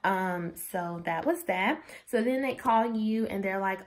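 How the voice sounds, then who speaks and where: Chatty young woman vlogger, very animated. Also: mid-range voice, measured pace, hardly any pauses. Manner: chatty, animated, says "like" constantly, acts out quotes. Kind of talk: casual storytelling to camera.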